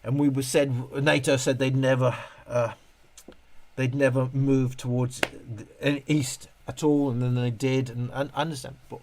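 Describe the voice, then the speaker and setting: There's a little hiss or hum in the audio as a middle-aged man runs a laid-back live stream, answering viewer comments in a meandering, self-interrupting way full of restarts. His slightly mellow voice sits at medium pitch, moves little in pitch, and keeps a normal speed.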